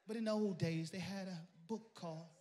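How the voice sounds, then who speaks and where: A male pastor a sermon, telling a story and building to shouted praise. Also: high voice, steady tone, a little fast.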